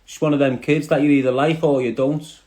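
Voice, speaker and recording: Scouse guy on insta live, rambly street slang, mellow voice, echoey room sound. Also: fairly high pitch, steady tone, fairly quick. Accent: Liverpool. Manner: rambling, streetwise slang, addresses viewers directly. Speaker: livestream host. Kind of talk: casual livestream chat.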